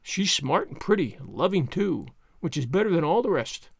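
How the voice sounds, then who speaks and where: A man voicing a shy, proud older farmer who mutters in a low, folksy way. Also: sing-song, normal speed, vocal fry, slightly rough, no echo, full character voice. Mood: proud, muttering.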